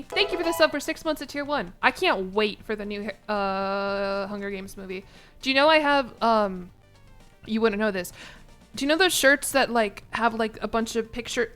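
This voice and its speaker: A young woman with a slightly high voice talks casually to her stream chat from her apartment. She is chatty and laughs often, and she drops casual swears as she goes. Faint music plays behind her. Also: fairly bright tone. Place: home apartment.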